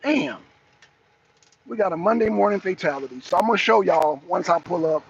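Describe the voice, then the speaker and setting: A man's voice: high voice, expressive, a little fast, creaky. A man hosting a live talk show and ranting profanely in casual, repetitive commentary from his car in traffic. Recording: slightly dull lo-fi audio.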